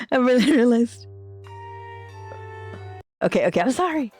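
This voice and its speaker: A woman's voice: medium pitch, lively intonation, slow, a little mellow, soft background music. A young woman streaming a horror game, reacting casually, swearing and laughing at herself.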